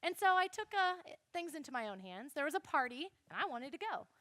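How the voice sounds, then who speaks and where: A young woman giving a chatty, animated Bible lesson to a youth group and speaking straight to the listeners. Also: high voice, brisk, dry recording. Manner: chatty, animated, addresses the audience directly.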